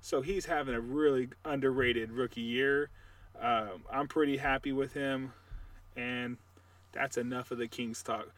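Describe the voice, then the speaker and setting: A man co-hosting a sports podcast, chatting casually and telling animated, trash-talking stories. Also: medium pitch, unhurried, distant mic. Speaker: podcast co-host.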